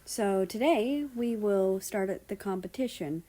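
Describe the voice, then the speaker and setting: A woman's voice: mid-range voice, a little slow, mellow, natural voice. A woman voicing a polite, formal male guard with a Japanese accent in a storybook reading.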